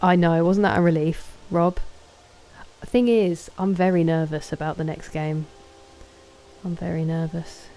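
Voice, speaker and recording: A woman's voice: fairly low pitch, fairly even intonation, measured pace, dark tone, rough recording. A woman streaming a game, chatting casually with her viewers, greeting and thanking them and answering their questions.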